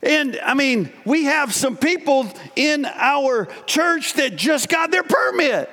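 High-voiced pastor preaching in a reverberant church. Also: male voice, takes it slowly. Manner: lively, conversational storytelling with asides to the congregation. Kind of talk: sermon. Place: church sanctuary. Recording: long hall reverb from a church sanctuary.

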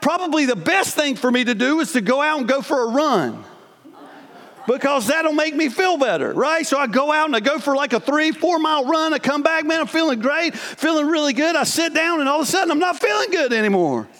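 Man in his 40s, very high pitched, telling his own story in a sermon in a big echoing hall; lively, laughing, keeps restarting his sentences. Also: brisk. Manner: animated, laughing, self-interrupting. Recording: long hall reverb.

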